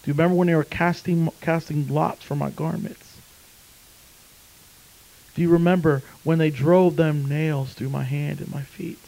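A man preacher voicing Jesus, calm and earnest, speaking low and hushed. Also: normal speed, vocal fry, poor audio. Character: Jesus, pleading calmly before a judge, male.

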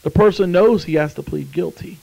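A man's voice: on the high side, brisk, gravelly, a little mellow, breathy edge, low-quality recording. A man preaching a sermon, telling a story and then fervently urging listeners to come to faith. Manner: storytelling, then fervent pleading altar call.

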